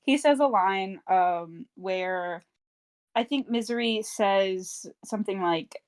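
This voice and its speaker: A woman's voice: medium pitch, slow. A woman co-hosting a book club podcast in casual chat, wry and teasing, often trailing off with fillers.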